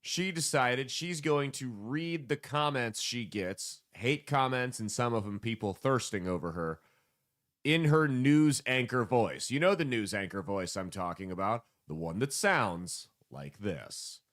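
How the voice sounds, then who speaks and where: A man hosting a casual comedy podcast, joking loosely and throwing in sudden loud bursts. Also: mid-range voice, animated, a little slow. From United States. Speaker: podcast host.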